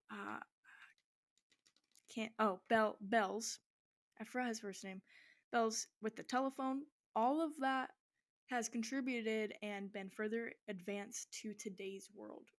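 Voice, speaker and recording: A young woman giving a school history presentation, talking casually with many fillers and restarts. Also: medium pitch. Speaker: student presenter. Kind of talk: informal class presentation.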